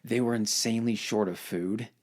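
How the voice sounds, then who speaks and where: A man's voice: lowish voice, fairly even intonation, moderate pace, a little mellow. A man casually retelling war history on a podcast, swearing and acting out quotes in voices. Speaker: podcast host.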